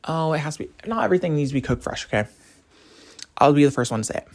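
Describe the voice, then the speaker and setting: Animated young guy ranting. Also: a little high, quick pace, a little hiss or hum. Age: young adult. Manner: animated, rambling, jumps between topics. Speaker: college student vlogger. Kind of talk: casual rant to camera.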